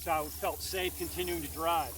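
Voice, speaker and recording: A man telling a personal story in a casual, animated way, often checking in with "right?". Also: fairly high pitch, moderate pace, noisy background. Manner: animated, tags lines with "right?". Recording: distant mic, loud crickets outside.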